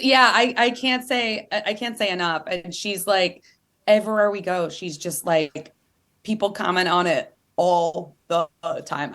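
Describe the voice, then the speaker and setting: Chatty animated woman, low-pitched. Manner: animated, chatty, many "like"s, playful voice impressions. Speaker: author and podcast guest. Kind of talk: candid interview conversation.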